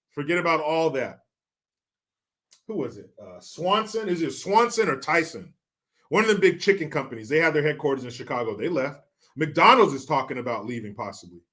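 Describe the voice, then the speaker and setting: A man's voice: on the high side, pushed and bright. A man hosting his own show, ranting through sarcastic, profane political commentary full of mockery. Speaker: show host.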